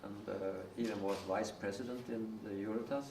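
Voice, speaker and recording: Low-voiced man, unhurried self-intro, distant mic with hiss. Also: steady tone, a little mellow, echoey room. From Sweden. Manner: slow and halting, many fillers.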